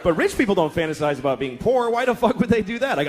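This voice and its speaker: On a comedy club stage, a middle-aged man performs stand-up, telling profane, exasperated stories and acting out voices. His voice is high, with big pitch swings, and he talks fast. The live club recording catches crowd noise and audience laughter.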